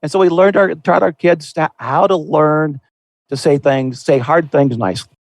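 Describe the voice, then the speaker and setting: A man's voice: a little high, steady tone, moderate pace, no echo. A man hosting a Christian podcast, explaining in an earnest, folksy way with frequent restarts. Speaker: podcast host. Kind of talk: conversational Christian podcast discussion.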